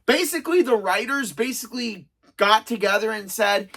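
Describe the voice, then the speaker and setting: Thirties, bright forceful tone, casual countdown review, rambling, sarcastic asides. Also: medium pitch, lively intonation, normal speed. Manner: chatty, self-described sarcastic, rambling with restarts. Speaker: video reviewer. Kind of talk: casual spoken episode countdown.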